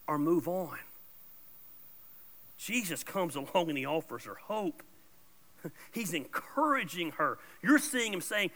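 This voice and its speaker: A man preaching a sermon as pastor, blunt and informal, swinging between loud emphatic bursts and soft asides. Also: a little high, lively intonation, normal speed. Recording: long reverb of a large hall.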